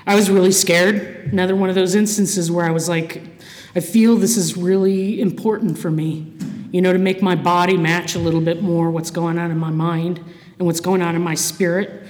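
A woman's voice: on the low side, little pitch movement, normal speed, a little mellow. A speaker from the Cleveland area of Ohio, sharing her story from a podium at a recovery meeting, candid and full of swearing and restarts. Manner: candid and profane, with frequent fillers and restarts. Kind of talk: personal testimony from a podium. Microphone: podium microphone. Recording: echoey hall reverb.

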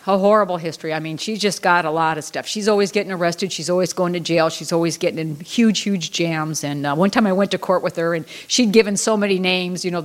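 A middle-aged woman telling a long, rambling personal story at an Al-Anon meeting, full of fillers and restarts. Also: lowish voice. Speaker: Al-Anon speaker. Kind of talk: personal recovery talk.

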